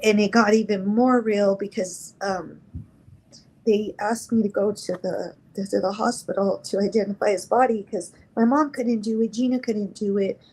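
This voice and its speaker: A middle-aged woman from New Mexico, a guest in an interview, telling a personal story in a halting, emotional way and acting out the dialogue. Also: mid-range voice, fairly even intonation, a little mellow, slightly rough, low-quality recording.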